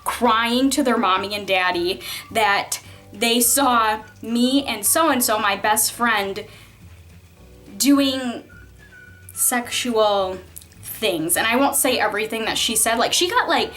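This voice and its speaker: A woman's voice: on the high side, slow, fairly bright tone, soft background music. A young woman telling a story from her school days in a casual vlog, chatty and full of "like"s, her tone exasperated. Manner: chatty, filler-heavy, many "like"s, exasperated retelling. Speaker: vlogger.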